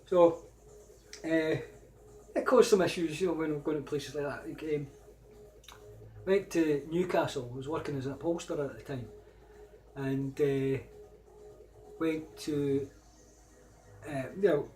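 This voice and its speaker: A man's voice: fairly high pitch, moderate pace, long pauses, darkish tone, slight background noise. A middle-aged Scottish man telling personal anecdotes in a casual, rambling way, growing emphatic when he replays old arguments. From Scotland. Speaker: vlogger.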